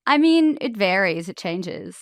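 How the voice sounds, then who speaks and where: A woman's voice: mid-range voice, very animated, unhurried, no room sound. A woman with an Australian accent, chatting and laughing easily as a guest on a podcast. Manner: laughing, easygoing banter. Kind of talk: casual podcast chat.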